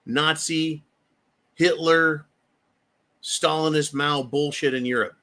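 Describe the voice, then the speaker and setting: Casting: slightly high-voiced male host, angry profane political rant, hammering repeated lines. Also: fairly even intonation, slow pace, sharp tone. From United States. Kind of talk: heated political commentary.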